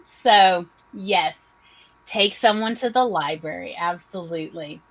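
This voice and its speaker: A woman's voice: lowish voice, slow, low-quality recording. A woman with a Southern American accent, co-hosting a livestream and chatting casually as she reads out audience comments with her own asides. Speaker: podcast co-host.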